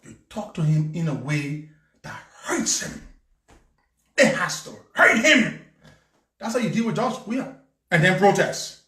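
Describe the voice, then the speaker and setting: A man's voice: high voice, animated, unhurried, long pauses, bright, forceful tone. A man with a Liberian English accent telling a mocking political story, laughing often as he goes. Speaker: political commentator. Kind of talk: storytelling commentary. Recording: echoey room, far from mic.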